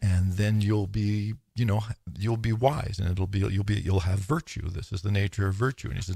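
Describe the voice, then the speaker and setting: Gravelly, husky man musing through a lecture. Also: on the low side, steady tone, moderate pace, few pauses, dark tone, no room sound, studio quality. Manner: thoughtful, musing, with frequent restarts and quoted asides. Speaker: lecturer on philosophy. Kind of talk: informal lecture.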